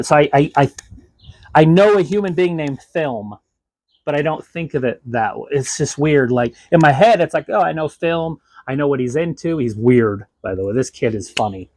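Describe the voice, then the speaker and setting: A man's voice: fairly high pitch, darkish tone, no echo, low-quality recording. A man talking casually in a counseling session. He rambles, stumbles over his words, restarts sentences and laughs often. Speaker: counseling client and live streamer.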